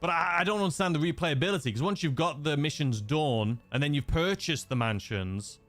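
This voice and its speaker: Over soft background music, a young English livestream host with a mixed, slightly Scouse-leaning accent reads viewer messages in casual gaming chat. His voice is on the high side, animated, a bit bright and fairly quick, rambling with frequent fillers and restarts.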